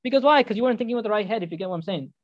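Fast-talking preacher guy, high-ish voice, dull dry recording, really animated. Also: no echo. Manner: animated, exhorting, emphatic. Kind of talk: sermon with dramatic storytelling.

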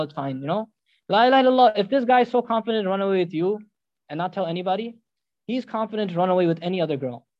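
A man preaching a sermon, animated and emphatic, telling a dramatic story. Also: high voice, dry recording, dull audio.

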